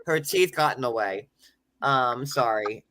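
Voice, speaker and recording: A man with a bright, forward voice hosts a casual livestream chat. He rambles, breaks off mid-thought and reads messages aloud in an unhurried, conversational way. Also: mid-range voice, lively intonation. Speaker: livestream host.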